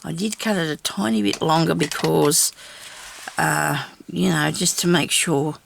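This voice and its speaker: A woman's voice: low voice, fairly even intonation, unhurried, gravelly, slight background noise. An older woman hosting a craft video, chatting casually and rambling, talking to herself as she works at her craft table at home. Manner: rambling, talks to herself while working. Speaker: craft channel host.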